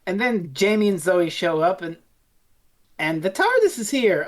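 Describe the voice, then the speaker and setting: A woman co-hosting a casual review podcast, retelling scenes and acting out lines in quick voices. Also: mid-range voice, expressive. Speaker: podcast co-host.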